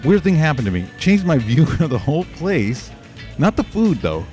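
A man's voice: on the high side, normal speed, faint music behind. A male radio show host telling a rambling comic story, restarting and interrupting himself as he goes. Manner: rambling, animated, self-interrupting.

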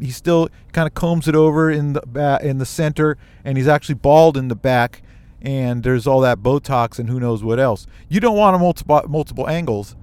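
A man from the United States telling a personal story on his own show, animated and emotional, with quick asides. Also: fairly high pitch, smooth, no echo.

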